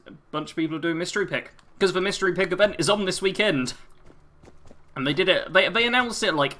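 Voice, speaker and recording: A man's voice: fairly high pitch, sharp tone. A young man with an English accent that drifts between posh and street, chatting through a live game stream, reading out chat messages and laughing easily. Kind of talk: live gameplay commentary.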